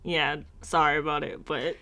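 A woman's voice: low voice, little pitch movement, normal speed, sharp tone. An American woman co-hosting a podcast, chatting casually with playful, profane banter. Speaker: podcast co-host. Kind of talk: casual chat.

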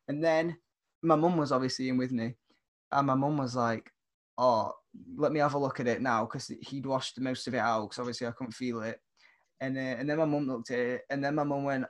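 A young British man telling a long story in casual chat. He rambles and stays animated, laughing through it, at an ordinary mid pitch. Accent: British English.

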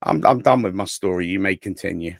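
A man with an English accent co-hosting a podcast, joking and telling stories in a playful, animated way. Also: deep voice, fairly quick, vocal fry, no echo, studio quality. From England. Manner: playful, jokey, animated storyteller. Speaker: podcast co-host. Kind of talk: casual podcast banter.

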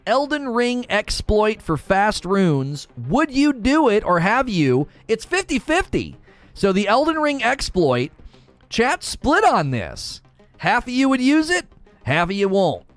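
A man's voice: sits high, unhurried, soft background music. Guy streaming and ranting at his chat, bouncy voice, laughs a lot. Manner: animated, rants and laughs a lot. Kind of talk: casual livestream chat.

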